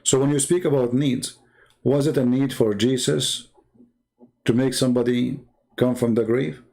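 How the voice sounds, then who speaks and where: Brief: male debater, gravelly, mid-pitched, mocking and argumentative, non-native English phrasing. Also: fairly even intonation, normal speed, dark tone. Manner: mocking rhetorical questions. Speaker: Christian debater.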